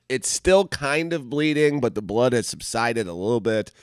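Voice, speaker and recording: A man's voice: medium pitch, normal speed, hardly any pauses, clear, resonant tone, dry recording. Guy, 40s, podcast cohost, laughs a lot, cusses, dry close sound. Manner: animated, profane, laughs often, acts out quotes. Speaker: podcast co-host. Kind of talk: casual chat, storytelling.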